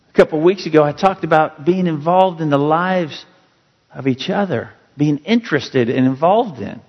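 A man's voice: fairly high pitch, normal speed, big-room sound, dull audio. A male pastor preaching a sermon in a church, earnest and storytelling, leaning hard on key words. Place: church sanctuary.

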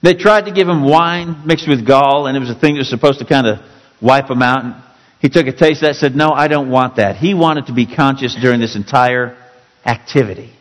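A man's voice: mid-range voice, fairly quick. Dramatic male preacher in reverberant church. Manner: dramatic, emphatic storytelling with sudden drops to quiet. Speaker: pastor. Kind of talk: sermon.

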